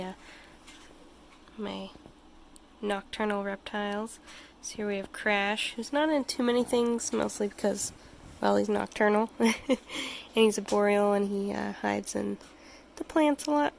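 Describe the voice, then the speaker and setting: A woman's voice: mid-range voice, steady tone, moderate pace, creaky, slight background noise. A woman chatting casually in a home vlog about her pets, rambling and giggling, cooing at the animals. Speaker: pet vlogger. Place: home pet room.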